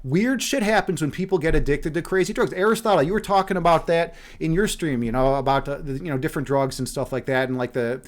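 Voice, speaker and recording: A young man from Chicago talks loosely to his live-stream viewers, his voice sitting a little higher than most men's. He rambles, restarts his sentences and swears now and then, in easy casual chat. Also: quick pace, few pauses. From Chicago, USA. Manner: rambling, many restarts and fillers, frequent swearing. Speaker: streamer, meditation host.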